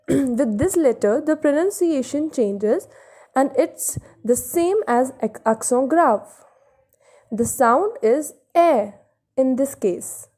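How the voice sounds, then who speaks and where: A young woman giving a beginner French lesson, slowly repeating each example word and explaining its meaning plainly. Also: sits high, dark tone. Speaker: French teacher. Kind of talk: slow beginner language lesson.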